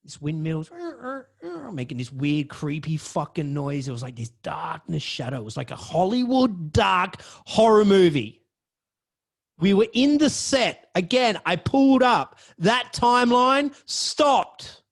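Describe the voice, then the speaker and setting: A man's voice: sits high, big pitch swings, a little slow, gravelly. A man, a podcast host telling a personal story in a dramatic way and swearing freely.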